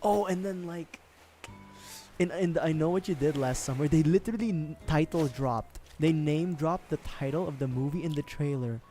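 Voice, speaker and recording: Young guy streamer, kinda high voice, rambles and swears a lot, laughs a bunch, faint game music behind. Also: moderate pace, mellow. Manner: rambling, swears, laughs often, lots of fillers. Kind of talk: casual livestream chat while gaming.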